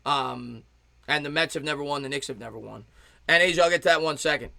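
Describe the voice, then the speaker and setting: A man in his thirties calls a baseball game pitch by pitch as an excited fan, stopping to thank and answer his chat viewers. His voice is bright and forward, a little above the usual pitch for a man. The sound is dry and close, with no room around it. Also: quick pace, creaky, dry recording. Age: 30s. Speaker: fan play-by-play streamer. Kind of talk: live play-by-play commentary with chat replies.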